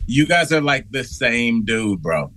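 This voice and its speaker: A man's voice: mid-range voice, a little slow, a bit bright. A man calling in to a radio show over video, telling rambling stories with many restarts and laughs. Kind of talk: casual radio banter.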